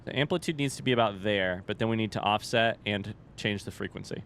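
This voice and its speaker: A man's voice: on the low side, fairly quick, a bit bright, slight background noise. A man giving casual, unscripted commentary on a horror video game he is playing for the first time, rambling, jokey and swearing. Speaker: let's-play gamer.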